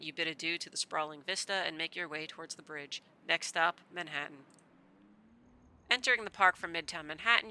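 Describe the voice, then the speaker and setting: Bright-voiced woman streamer reading a game. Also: lowish voice, clean tone, rough recording. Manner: animated, joking commentary between read narration. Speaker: streamer playing a story game. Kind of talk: reading narration and chatting.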